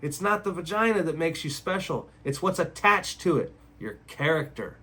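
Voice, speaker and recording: A man's voice: fairly high pitch, sing-song, moderate pace, bright, forceful tone, husky. A man giving blunt relationship advice in a casual monologue, repeating himself and asking rhetorical questions. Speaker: relationship advice video host.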